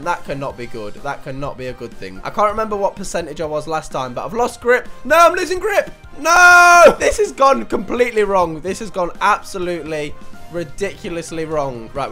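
A young man commentating a video game, panicking and shouting one moment, muttering to himself the next. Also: on the high side. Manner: shouty, panicky, swings between yelling and muttering. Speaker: gaming YouTuber. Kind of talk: excitable let's play commentary.

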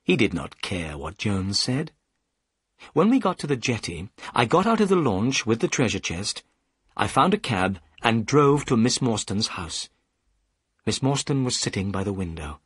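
Male narrator, learner's audiobook, lively delivery, husky, dry close sound. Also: on the low side, dry recording. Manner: clear, measured storytelling.

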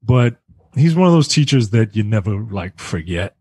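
A man hosting a casual film review podcast, recapping scenes in a halting way with many ums and uhs. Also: on the low side, very animated, darkish tone, breathy edge, dry recording.

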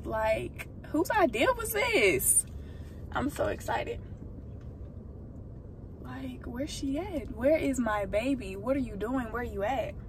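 Excited young woman vlogging from a car. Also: on the high side, takes it slowly, long pauses. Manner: excited, chatty, rambling. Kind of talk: casual vlog chat to camera. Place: inside a car on the road. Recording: distant phone audio with loud road noise.

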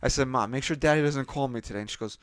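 A man co-hosting a podcast, caught up in his own story as he voices everyone in it with lively changes. His mid-pitched voice is dry and close to the mic, with no room sound at all. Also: very fast, dry recording. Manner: retells scenes with lively voiced-up quotes. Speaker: podcast co-host. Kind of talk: casual chat, animated storytelling.

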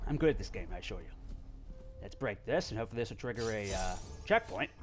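Playful, lively man narrating gameplay. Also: medium pitch, fast talker, soft background music. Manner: playful, talks to the game, squeals and laughs. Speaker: gameplay video host. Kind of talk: let's play commentary.

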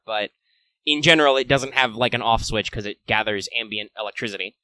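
Man, game master, ringing clear tone, dry close sound, rambling narration. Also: medium pitch, fast talker, bright, forceful tone, dry recording. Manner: loose, rambling, full of fillers.

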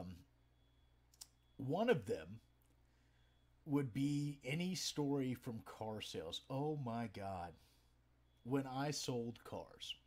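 A man in his forties casually telling comic stories to a stream audience, swearing freely and animated. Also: medium pitch. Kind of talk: casual storytelling.

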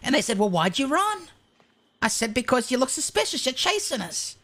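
A woman playing a brash young male outlaw, cursing through an animated roleplay story. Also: high-pitched, moderate pace, heavily acted. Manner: swears constantly, animated storytelling. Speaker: roleplay streamer.

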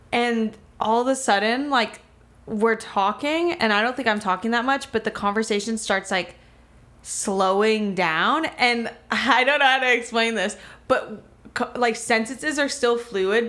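A podcast co-host from Miami, a woman with a high-leaning voice, tells a wild story at an unhurried pace. Her casual retelling is animated and rambling, packed with filler words.

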